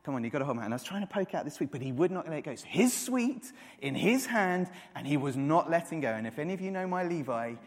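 A man in his thirties preaches a sermon in an earnest, building way, repeating key words as he rises to emphatic peaks. His voice sits a little high for a man. The sound carries the long reverb of a church hall. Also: expressive, brisk, hardly any pauses.

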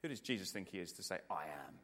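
Man, preacher, sermon, earnest, repeats for emphasis, loud then hushed, long church reverb. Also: low voice, expressive, very fast. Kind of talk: sermon ending in prayer.

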